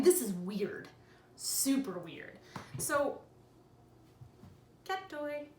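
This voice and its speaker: A young woman talks to the camera from home in a chatty, good-humored way, her voice riding high and swooping up and down. The room around her rings with echo, and faint household noise sits underneath. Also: distant mic. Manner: chatty, animated, laughs easily. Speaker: vlogger. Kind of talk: casual explanatory vlog. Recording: echoey room with faint ambience.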